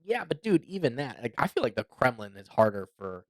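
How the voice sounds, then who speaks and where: A man's voice: mid-range voice, brisk, no echo. Opinionated podcast guy, casual chat, laughs a lot, middle voice, dry close mic. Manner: animated, opinionated, laughs often. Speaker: podcast co-host.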